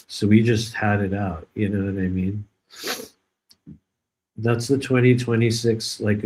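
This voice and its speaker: Brief: low-pitched man, rambling joking live stream host, dry sarcasm. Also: darkish tone, poor audio. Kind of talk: casual live stream chat.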